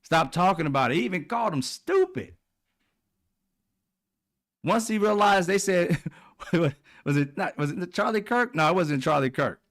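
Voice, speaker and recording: A man's voice: expressive, measured pace, pauses often, fairly bright tone. Profane, mocking male political ranter. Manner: profane, mocking, laughs often, mimics people in high voices. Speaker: political commentary host. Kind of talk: animated political rant.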